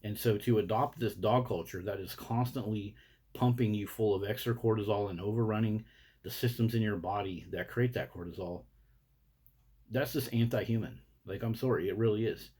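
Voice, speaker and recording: A man's voice: on the low side, fairly even intonation, normal speed, mellow, slightly rough. A man delivering a blunt, indignant, profanity-laced rant to camera as a vlogger. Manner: blunt, indignant, heavy swearing.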